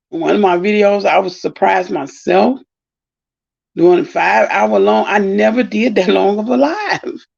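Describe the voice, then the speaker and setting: A middle-aged woman telling a long, animated story in a casual live-stream monologue, exclaiming and rambling. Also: mid-range voice. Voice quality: gravelly, husky. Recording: dull lo-fi sound.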